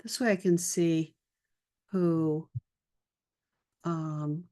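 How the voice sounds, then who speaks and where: A woman's voice: sits low, fairly even intonation, drawn-out words, dark tone. A woman hosting a live video-call session as an art career mentor, chatting upbeat with viewers and greeting them by name. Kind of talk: live-stream chat with viewers.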